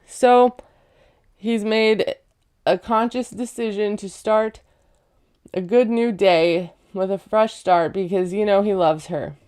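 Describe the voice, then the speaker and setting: A woman with a smooth, clear voice chatting through a casual show recap. She talks with a sarcastic, gossipy edge, and her pitch sits in a middle range. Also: darkish tone. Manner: chatty, sarcastic, laughs at own jokes. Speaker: recap vlogger.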